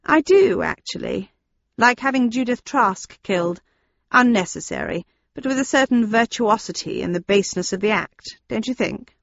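A woman's voice: fairly high pitch, lively intonation, normal speed, gravelly, dry recording, lo-fi sound. A woman reading an audiobook, voicing a smug, gleeful villainous man who talks in a sneering, mocking way. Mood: taunting.

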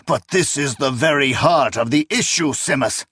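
A man's voice: mid-range voice, takes it slowly, no room sound, clean studio sound. A man voicing a cold, bitter old male sorcerer who snaps and sneers scornfully. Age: older.

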